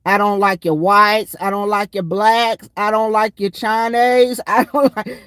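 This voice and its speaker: A woman voicing a loud, blunt male first sergeant with a Southern accent, gruff and brash. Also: mid-range voice, steady tone, unhurried, no room sound, clean studio sound, voice pushed up, natural voice. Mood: gruff shouting.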